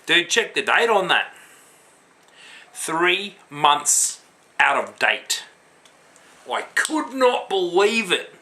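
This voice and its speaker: A man's voice: sits high, very animated, extremely slow, vocal fry, long pauses, sharp tone. A tipsy man with an Australian accent, rambling and swearing in a casual rant to his vlog viewers about homebrewing and beer. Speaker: homebrewing vlogger.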